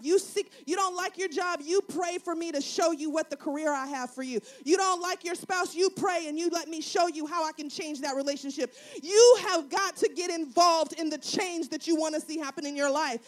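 High-voiced woman preaching with fervor. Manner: preaching with rising fervor, repetitive cadence. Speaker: pastor. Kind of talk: sermon.

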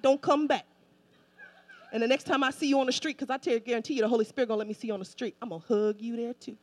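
A woman pastor preaching a sermon in an emphatic, colloquial style, driving points home with repetition. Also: high-pitched.

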